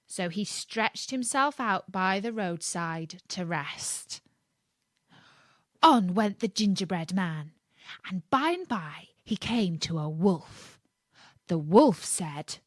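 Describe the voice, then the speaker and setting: A woman reads a children's story aloud, slow and measured. Her voice moves lively up and down to bring the tale to life, and the recording is dry and close. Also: lowish voice, no room sound. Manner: expressive, gentle, measured.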